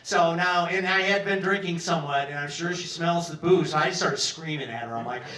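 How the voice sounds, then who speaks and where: Bright-voiced man in his sixties spinning a yarn. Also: on the high side, moderate pace. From Peoria, Illinois, US. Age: 60s. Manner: animated, acts out other people's lines, profane. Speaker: storyteller. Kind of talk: live storytelling monologue. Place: pub stage. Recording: roomy, from some distance.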